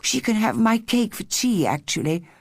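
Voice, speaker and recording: A woman's voice: medium pitch, very animated, normal speed, gravelly, husky, dry recording, clean studio sound, voice pushed up, heavily acted. A woman voicing a sensible young girl who speaks in a matter-of-fact way in an audiobook.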